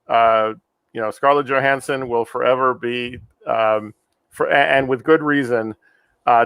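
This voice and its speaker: Male podcast host, measured casual reviewer, mid pitch, dry studio sound. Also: a bit bright, no room sound. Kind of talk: casual movie review chat.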